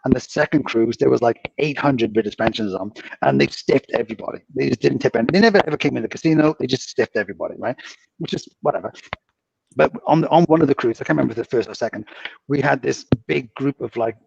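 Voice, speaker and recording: A man's voice: medium pitch, quick pace, vocal fry, darkish tone, husky. A man, a casino dealer, casually telling rambling anecdotes on a podcast. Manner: rambling anecdotes with frequent laughs. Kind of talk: casual storytelling. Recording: dull lo-fi audio.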